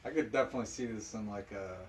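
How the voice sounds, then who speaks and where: A man chatting casually about fans, quick and full of hedges. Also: fairly low pitch, far from the mic, a little hiss or hum. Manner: quick, chatty, hedging with likes. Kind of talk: casual chat.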